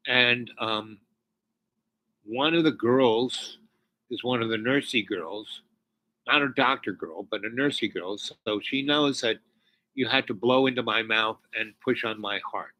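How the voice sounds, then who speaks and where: A man tells a personal story in a halting, rambling way, full of restarts, and his voice sinks almost to a whisper when he is moved. His tone is bright and forceful, and the recording is close and dry. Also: medium pitch, no room sound, rough recording. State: tearful near the end. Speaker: spiritual storyteller.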